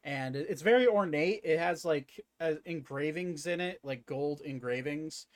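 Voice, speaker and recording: Halting young man narrating as game master. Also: fairly high pitch, dry recording, clean studio sound. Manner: halting, filler-heavy narration. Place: home, at a computer.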